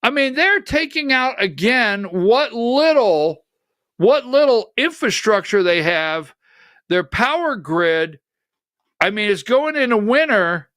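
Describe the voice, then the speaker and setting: A man's voice: very high-pitched, very animated, takes it slowly, fairly bright tone, no echo, clean studio sound. A male political talk show host giving combative, emphatic livestreamed commentary full of rhetorical questions.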